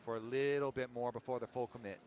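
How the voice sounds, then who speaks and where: A man casting esports with quick analytical commentary. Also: mid-range voice, fairly even intonation, a little mellow, a little hiss or hum. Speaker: esports caster.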